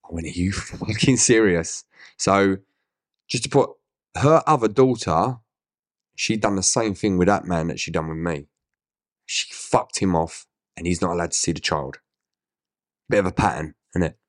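Essex man in his thirties, low-voiced guest, blunt, swears, tells it straight; dry close mic. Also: moderate pace, pauses often, no room sound. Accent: Essex English. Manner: blunt, swears, acts out quoted dialogue. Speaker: interview guest. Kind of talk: candid storytelling interview.

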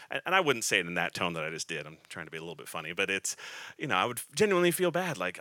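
Bright, dry-voiced man preaching casually. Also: medium pitch, very animated, no room sound. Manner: conversational, halting with restarts and light humor. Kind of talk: sermon.

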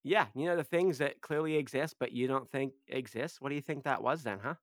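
A man's voice: mid-range voice, brisk, dry recording, clean studio sound. A man playing in a tabletop game, trading sarcastic, teasing banter in character. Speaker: player. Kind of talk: casual role-play banter.

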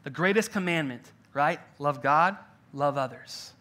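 Bright casual young male pastor. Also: fairly high pitch, unhurried. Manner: conversational, jokey, lots of "like" fillers. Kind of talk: sermon. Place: church in-person gathering.

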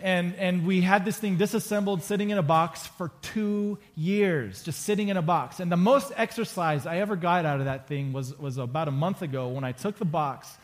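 A man's voice: sits high, moderate pace, hardly any pauses. A man preaching a conversational sermon to a congregation, casual and joking, repeating phrases for emphasis. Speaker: pastor. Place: church sanctuary before a congregation.

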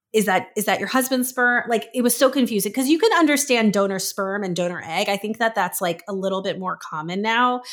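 A woman speaking as a guest in a casual interview, in an everyday mid-range voice. She tells her story with energy, slipping into the voices of the people she quotes. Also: medium pitch. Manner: lively storyteller who acts out quoted voices. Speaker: podcast guest.

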